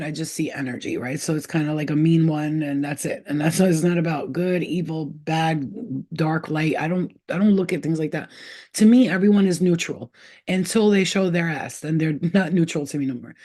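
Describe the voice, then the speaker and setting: A woman giving a casual spiritual reading to her viewers, animated and excitable, swearing freely and repeating herself as she talks. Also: deep voice, normal speed. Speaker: spiritual reader.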